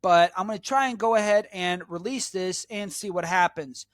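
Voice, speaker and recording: A man's voice: high-pitched, normal speed, a bit bright, no echo. An American man hosting his own channel, giving an emphatic, repetitive solo monologue that lectures the viewer. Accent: American English. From United States. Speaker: channel host.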